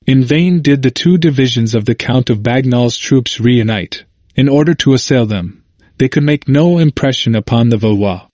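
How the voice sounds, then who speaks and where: A man narrating a history audiobook in a measured, formal manner. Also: medium pitch, a little mellow, no echo, studio quality.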